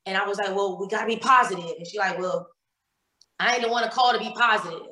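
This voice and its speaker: Woman guest, mid pitch, emotional storyteller who quotes every voice, echoey recording. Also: fast, pushed and bright. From Cleveland, Ohio. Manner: emotional retelling with many repeated words and quoted dialogue. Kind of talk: personal storytelling in a podcast interview.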